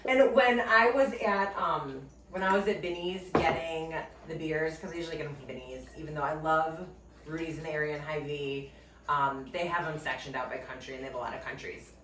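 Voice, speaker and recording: A woman's voice: low voice, fairly quick. Giggly woman co-hosting a cooking show. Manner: giggly, chatty. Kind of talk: casual chat. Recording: echoey room with faint noise, distant mic.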